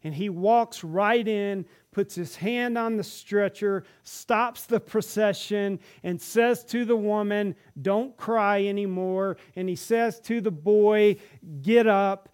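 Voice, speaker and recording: Male preacher, high voice, animated storytelling sermon, voices the characters in his stories. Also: takes it slowly, few pauses, clear, resonant tone. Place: church.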